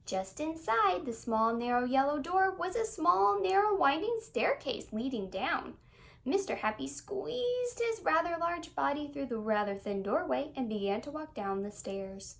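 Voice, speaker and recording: A woman reads a children's story aloud, her voice high and full of swooping, singsong expression. She leans into repetitions and delights in every word. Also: sing-song, unhurried, gravelly.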